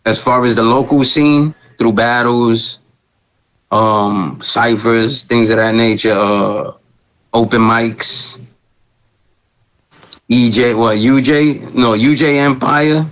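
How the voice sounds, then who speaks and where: A laid-back middle-aged man talking casually as a podcast guest. He speaks in a relaxed, slangy way full of fillers, and his voice sits at a plain middle pitch. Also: slow pace, poor audio. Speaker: guest rapper.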